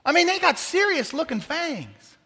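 A man preaching a sermon as pastor, talking to the congregation in a conversational, joking way with lively asides. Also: very high-pitched, normal speed, big-room sound.

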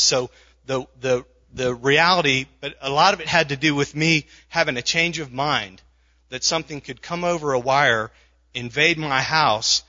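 A man's voice: medium pitch, bright, forceful tone, muffled recording. A man preaching a sermon in a conversational way, with frequent restarts and asides. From not from the South. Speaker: pastor.

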